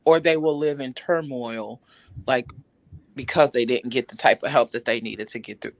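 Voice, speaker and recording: A woman's voice: rumbling low, normal speed, dry recording. A woman guest on a casual podcast, upbeat and talkative, explaining her views earnestly. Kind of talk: casual chat.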